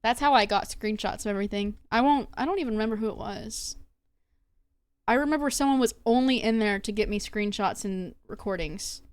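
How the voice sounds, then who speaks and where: A woman's voice: medium pitch, fairly quick, smooth. A young woman streamer chatting casually and gossiping, swearing freely as she talks. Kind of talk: casual live-stream chat.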